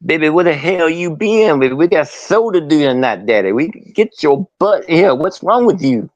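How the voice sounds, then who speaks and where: A man's voice: a little high, lively intonation, moderate pace, no echo, lo-fi sound, voice pushed up, close to an everyday voice. A man impersonating a drawling, bossy male wrestling legend who calls people baby and daddy.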